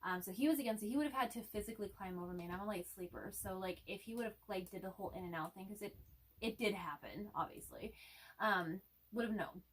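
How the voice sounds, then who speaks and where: A husky woman rambles through a nervous story, laughing now and then. She sits a little back from the mic, so her voice sounds slightly distant. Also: medium pitch, fast. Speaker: co-host. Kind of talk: casual chat.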